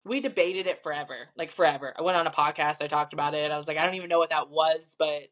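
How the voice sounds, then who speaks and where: A middle-aged woman with a Midwestern American accent, a podcast guest telling a story in an animated, chatty way. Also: sits low, quick pace. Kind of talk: casual storytelling.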